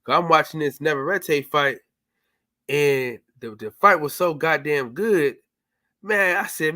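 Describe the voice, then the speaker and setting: A man co-hosting a boxing talk show, chatting in an animated, profane, slangy way. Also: a little high, a little slow. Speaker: boxing podcast co-host. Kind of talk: casual chat.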